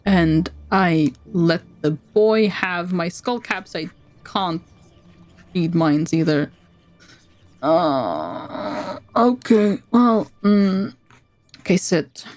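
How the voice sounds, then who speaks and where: A woman streamer reading a text adventure game aloud, with playful asides and brisk narration. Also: lowish voice, lively intonation, darkish tone, faint music behind.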